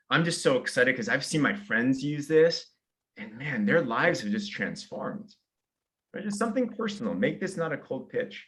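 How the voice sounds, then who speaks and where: A man giving an energetic sales training talk, walking through simple steps and acting out example messages. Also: mid-range voice. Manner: energetic, fast, acts out example invitations.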